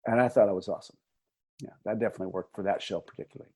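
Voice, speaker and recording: A middle-aged man with a warm, darkish voice and a husky edge. He chats as a podcast guest about his work as an assistant director. His telling is lively and rambling, with plenty of restarts. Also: on the low side, very fast. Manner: lively, chatty storytelling with frequent laughs and restarts. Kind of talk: casual conversation.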